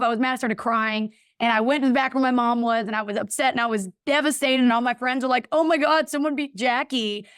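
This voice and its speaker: A woman's voice: high-pitched, dry recording, clean studio sound. A woman guest telling a personal story in a casual interview, acting out the voices of people in it. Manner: animated, acts out voices in her anecdotes. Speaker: podcast guest.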